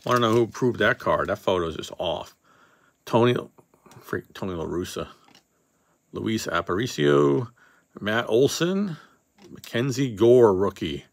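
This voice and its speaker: A man's voice: on the low side, expressive, unhurried, long pauses, no echo. A man hosting a casual card-opening session, reading off names as he goes and joking offhand with a few swear words. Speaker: card box breaker host.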